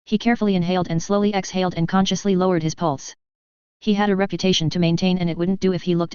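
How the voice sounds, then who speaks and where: Low, crisp woman narrating a story. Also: fairly even intonation, fast talker, a little mellow, no room sound, muffled recording. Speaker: audiobook narrator.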